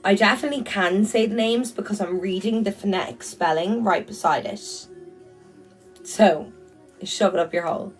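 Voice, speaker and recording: A woman's voice: mid-range voice, normal speed, recorded from a distance, faint music behind, rough recording. A woman with an Irish accent chatting casually on a phone livestream, blunt and swearing freely. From Ireland. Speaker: livestream host. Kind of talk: casual livestream chat reading comments.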